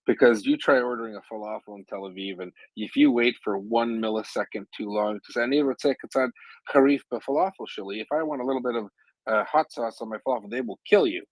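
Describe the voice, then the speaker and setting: A man in casual live-audio chat, talking in an animated, joking way with many restarts. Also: on the low side, quick pace, dry recording, poor audio.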